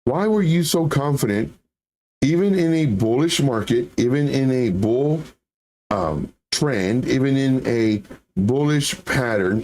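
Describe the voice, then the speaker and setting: A man's voice: mid-range voice, darkish tone. Sarcastic man hosting a trading stream. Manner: sarcastic, rhetorical questions, reads chat aloud. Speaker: crypto trading livestream host. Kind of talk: casual livestream commentary.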